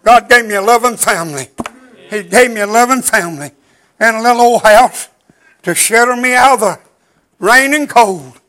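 An older man preaching a chanted sermon in a rhythmic, drawn-out cadence, out of breath and wheezy. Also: very high-pitched, expressive, fairly bright tone, poor audio.

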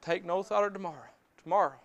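In a muffled recording from a church service, a man with a high, fairly bright voice preaches quickly in a steady tone. His sermon mixes testimony and scripture in folksy, plainspoken speech, with phrases repeated for emphasis.

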